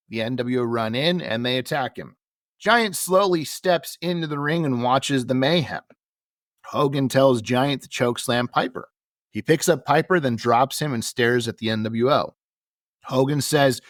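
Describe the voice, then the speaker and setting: A man with a mid-pitched voice co-hosting a casual podcast, recapping events with dry sarcasm. The sound is close and dry, with no room around it. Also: unhurried, fairly bright tone, no room sound. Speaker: podcast co-host.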